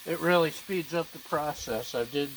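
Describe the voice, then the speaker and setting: Chatty home cook, playful, mid-pitched voice, outdoors at the griddle, loud sizzling behind. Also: moderate pace, a little hiss or hum, rough recording. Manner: playful, chatty, talks to the dogs. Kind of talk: casual cooking commentary.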